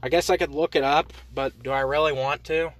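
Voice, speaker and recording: A young man hosting a podcast, rambling through profane, absurd comic tangents in a deadpan way, talking from inside a parked truck. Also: a little high, brisk. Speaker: podcast host. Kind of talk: rambling comedic monologue.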